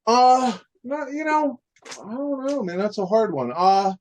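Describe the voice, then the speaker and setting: A man's voice: very high voice, animated, measured pace, a little mellow, slight background noise. A man, a guest musician, telling stories in a casual interview, rambling with lots of fillers like "man" and "you know".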